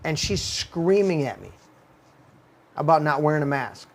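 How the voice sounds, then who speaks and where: A man's voice: fairly high pitch, big pitch swings, measured pace, slight background noise. A man hosting a talk show, telling stories in a heated, profane rant. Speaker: podcast host. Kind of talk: casual ranting talk show.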